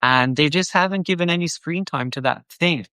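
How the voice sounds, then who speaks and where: A man's voice: on the high side, moderate pace, sharp tone, clean tone, no echo. Rambling man in casual chat. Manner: rambling, quotes characters in mock voices. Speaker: podcast host. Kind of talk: casual discussion.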